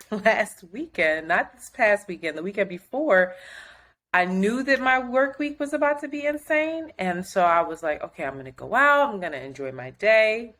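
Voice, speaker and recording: A woman co-hosting a podcast, telling a story in casual chat, animated and profane, acting out other people's quotes. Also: on the high side. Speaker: podcast co-host.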